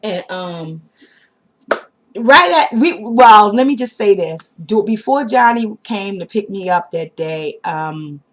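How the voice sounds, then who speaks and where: A woman casually telling a personal story to her viewers, animated and slangy, talking straight to the camera. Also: medium pitch, slow pace. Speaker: vlogger.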